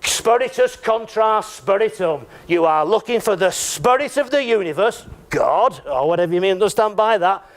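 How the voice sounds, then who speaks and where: A man voicing a stern older male psychiatrist who bluntly confronts a drinker, speaking slowly for emphasis. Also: high-pitched, animated. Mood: lecturing.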